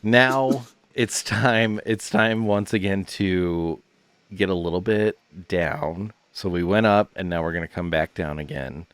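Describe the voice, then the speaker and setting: A man's voice: deep voice, measured pace, clear, resonant tone. A man co-hosting a casual comedy podcast, teasing his partner with dry humor. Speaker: podcast co-host.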